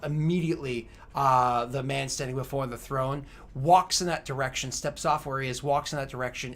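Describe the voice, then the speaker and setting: A man narrating a tabletop game as game master, describing scenes with frequent pauses and fillers. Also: mid-range voice.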